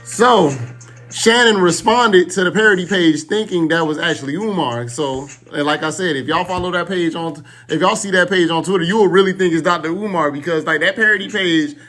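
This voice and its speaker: A man's voice: sits high, brisk, fairly bright tone, faint music behind. A young man co-hosting a podcast, telling a story in a laid-back, slangy way full of fillers. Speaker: podcast co-host. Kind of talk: casual podcast chat.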